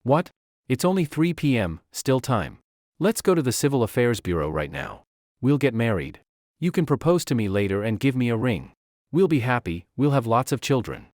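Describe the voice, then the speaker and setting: A man's voice: medium pitch, big pitch swings, normal speed, a little mellow, no echo, studio quality, close to an everyday voice. A man voicing an obsessive, lovestruck young woman with fire powers, talking in a clingy, possessive way. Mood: adoring. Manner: clingy, pleading then coldly possessive.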